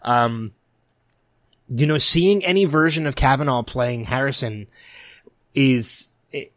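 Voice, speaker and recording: A podcast co-host with a mid-range, fairly bright voice speaks slowly and emotionally in casual chat. He rambles and keeps restarting his sentences, recorded in studio quality with no room sound.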